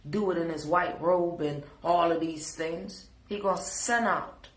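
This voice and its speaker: A woman's voice: lowish voice, a little slow, reverberant. A woman with a Jamaican accent, scolding and preaching in a sassy live reaction rant. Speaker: social media commentator.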